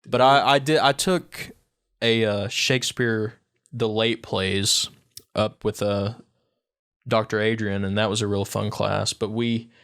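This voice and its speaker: A young man co-hosting a podcast, telling school stories in an animated, slangy way and laughing often. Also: lowish voice, unhurried, clean tone. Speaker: podcast co-host. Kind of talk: casual chat.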